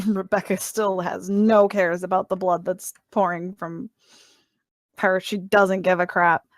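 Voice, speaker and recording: A woman's voice: on the low side, flat delivery, unhurried, no room sound. A woman playing a tabletop game, talking bluntly and casually, swearing offhand and laughing. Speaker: player.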